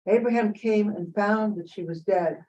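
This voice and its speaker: A woman reads a passage aloud in a study session, steady and careful. Her voice sits at an ordinary middle pitch. The recording sounds dull and lo-fi. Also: moderate pace, slight background noise. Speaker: participant reading a text aloud. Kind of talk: reading a text aloud in study.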